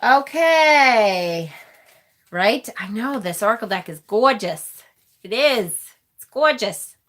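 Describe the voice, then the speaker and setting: Bright-voiced chatty woman reading cards. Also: fairly high pitch, expressive, takes it slowly. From Rochester, New York. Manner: chatty and affectionate, reads viewer comments aloud. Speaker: tarot reader and channel host. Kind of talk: casual live-stream card reading.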